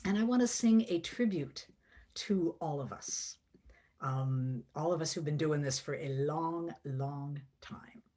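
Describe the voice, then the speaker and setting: A middle-aged woman song leader on a video call, reading a poem and teaching a song in a slow, gentle, reflective way. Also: sits low.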